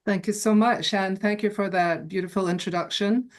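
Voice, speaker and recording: An older woman with a Scottish accent, giving a keynote talk in a measured, gracious manner over a video call. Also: medium pitch, fairly even intonation. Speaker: keynote speaker. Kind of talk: formal talk to an online meeting.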